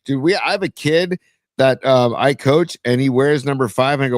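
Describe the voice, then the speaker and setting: A man co-hosting a sports talk show, relaxed and full of sports trivia in casual banter. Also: medium pitch, brisk, no room sound, studio quality. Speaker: podcast co-host and youth coach.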